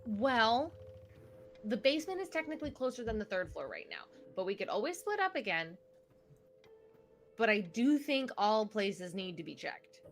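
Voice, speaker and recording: A woman's voice: medium pitch, big pitch swings, normal speed, faint music behind. A woman playing a tabletop game in character, hesitant and second-guessing herself as she talks. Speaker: player.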